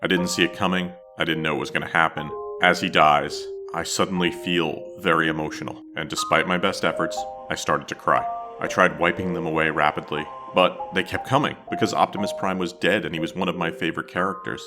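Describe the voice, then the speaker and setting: A man's voice: sits low, steady tone, a little fast, few pauses, over music. A man hosting a podcast, telling a childhood memory in reflective, scripted narration. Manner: reflective storytelling. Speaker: podcast host.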